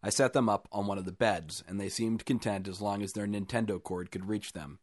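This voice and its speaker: A man reading a first-person short story aloud in a calm, even storytelling manner with dry understatement. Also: lowish voice, a little fast, no echo. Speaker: story reader.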